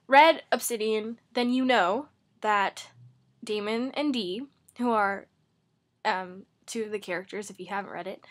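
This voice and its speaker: A woman's voice: medium pitch, a bit bright. A woman book vlogger talking casually to camera from her bedroom, rambling and chatty, with lots of "like" and "um".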